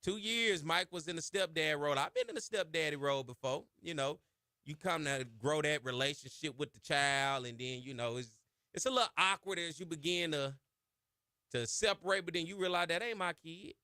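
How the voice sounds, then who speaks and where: A man hosting a sports talk radio show, chatting casually in folksy slang and getting loud and high when he hypes a point. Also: fairly quick, no echo, studio quality. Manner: folksy Southern slang, chatty asides to his producer. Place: radio studio. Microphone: studio microphone.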